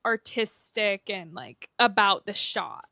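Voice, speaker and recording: A woman's voice: medium pitch, animated, slow, vocal fry, pushed and bright, dry recording, clean studio sound. A young woman cohosting a podcast in casual chat, hesitant and full of fillers. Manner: hesitant, lots of "like" and trailing off.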